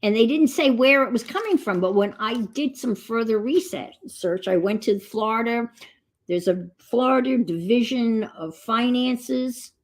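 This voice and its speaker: A woman's voice: on the high side, a little slow. A middle-aged woman chatting casually as she crafts on a stream, telling rambling stories. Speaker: crafting vlogger.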